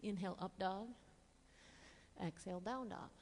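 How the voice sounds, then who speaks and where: A woman teaching a yoga class, giving calm, encouraging step-by-step cues while slightly out of breath. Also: mid-range voice, moderate pace, long reverb tail, slight background noise. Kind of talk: guided yoga class instruction.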